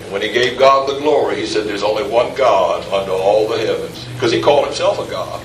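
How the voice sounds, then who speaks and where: The same kind of sermon comes from a pastor with a lowish voice and a brisk pace: conversational at first, rising to emphatic peaks as he quizzes the pews. An echoey room, some mic distance, and a faint hum of ambience surround him.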